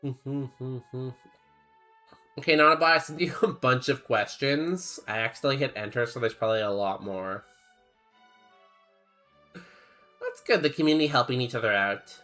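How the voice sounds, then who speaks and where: A man's voice: mid-range voice, normal speed, long pauses, pushed and bright, soft background music. A young man streaming a game, chatting casually and rambling as he reads chat aloud in a laid-back way.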